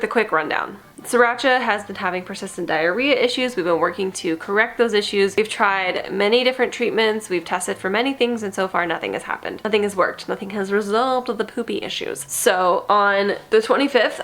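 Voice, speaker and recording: A young woman chatting casually in a home vlog, laughing easily and cooing at her cat in a high baby voice, filmed on a phone camera. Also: fairly quick, few pauses, a bit bright. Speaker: kitten foster vlogger. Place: home and car.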